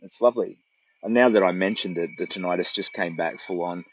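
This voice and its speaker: Middle-aged aussie bloke chatting on a phone livestream, lowish voice, dull dry sound. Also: male voice, brisk, dry recording. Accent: Australian. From Australia. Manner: earnest, rambling, chatty. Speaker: walking vlogger. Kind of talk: casual livestream chat. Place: tent in dense bush outdoors.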